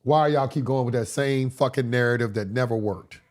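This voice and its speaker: A man giving a casual livestream lecture as a course instructor, blunt and profane, his voice hoarse from a cold. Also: mid-range voice, moderate pace, a little mellow.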